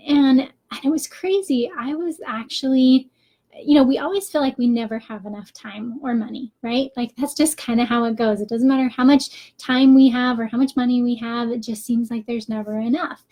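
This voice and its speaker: A woman's voice: on the high side, darkish tone. A woman coaching viewers in a chatty, upbeat live video, with frequent ums and small laughs. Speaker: faith-based business coach.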